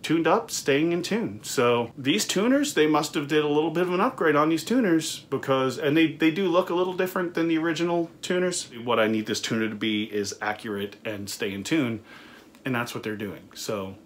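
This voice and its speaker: A man's voice: a little high, brisk, slight background noise. A middle-aged man who owns a recording studio, reviewing a budget guitar in a casual, conversational way with frequent fillers and restarts. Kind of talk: casual product review talk.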